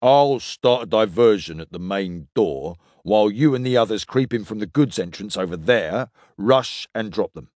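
A man playing a calm, scheming guide who lays out plans in an even, measured voice. The reading is dry and close. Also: fairly low pitch, no echo, voice pushed down, natural voice.

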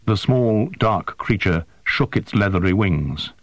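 A man narrating a science-fiction story in a measured, expressive way. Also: lowish voice, dry recording. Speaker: audiobook narrator. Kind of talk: scripted narration.

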